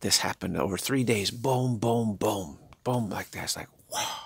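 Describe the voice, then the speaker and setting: Gravelly, husky older man musing on spirit. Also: fairly low pitch, no echo. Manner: halting, repetitive, musing. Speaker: spiritual teacher. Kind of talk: spiritual monologue.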